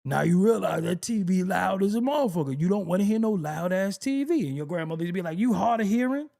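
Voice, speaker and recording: A man's voice: high voice, animated, fairly quick, creaky, warm tone. A middle-aged man telling stories in a casual comedic monologue, acting out exasperated voices and laughing often. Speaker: rapper talking on camera.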